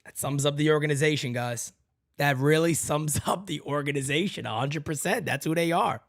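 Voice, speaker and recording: A man hosts a fan podcast, venting in a hot-tempered, crude, no-nonsense rant aimed right at his listeners, whom he addresses as "guys" and "folks." His voice is a little high at a moderate pace, recorded dry with studio quality.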